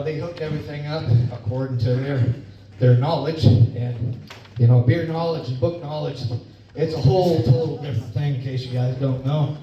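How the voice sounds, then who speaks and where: Middle-aged stand-up comic in an echoey club. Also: male voice, mid-range voice. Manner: folksy storytelling, laughs at own jokes. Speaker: stand-up comedian. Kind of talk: stand-up comedy set. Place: club or bar stage. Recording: echoey room, distant mic, dull, noisy.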